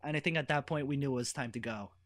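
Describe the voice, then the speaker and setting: A man's voice: medium pitch, very fast, fairly bright tone. A young man guesting on a podcast, chatting casually in a laid-back way, saying "like" a lot. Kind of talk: casual chat.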